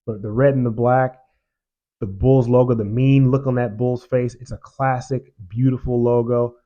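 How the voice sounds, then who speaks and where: An opinionated man talks through his picks in a casual, emphatic host style, often repeating himself to drive a point home. His voice sits at an ordinary pitch for a man. The audio is a bit muffled and lo-fi. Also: level tone, moderate pace. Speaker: show host.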